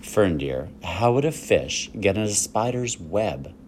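A man's voice: fairly low pitch, expressive, a little slow, a little mellow, a little hiss or hum. A man reading aloud and voicing a farm mother who is firm and scolding yet loving toward her daughter. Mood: stern.

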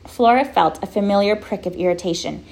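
A woman reads a children's storybook in a steady, measured voice. Her tone is gravelly, with a rough edge running through her delivery, at a medium pitch. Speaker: audiobook narrator. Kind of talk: scripted storybook narration.

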